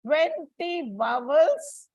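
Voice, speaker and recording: A woman's voice: high voice, lively intonation, extremely slow, darkish tone, dry recording, lo-fi sound. A woman from India giving a classroom lecture as an English teacher, explaining step by step with frequent restarts and fillers.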